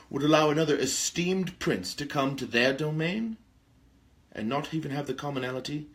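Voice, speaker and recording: A man's voice: on the high side, a bit bright. A man playing a pompous, theatrical aristocratic male vampire lord who hosts a talk show, with grandiloquent speech and gossipy asides. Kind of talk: in-character role-play talk show.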